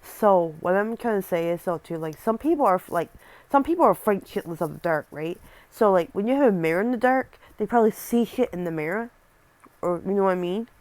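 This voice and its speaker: A woman's voice: medium pitch, expressive, a little fast, darkish tone, dry recording. A young woman reading a scary story aloud and breaking off for casual, rambling asides, often stumbling over words.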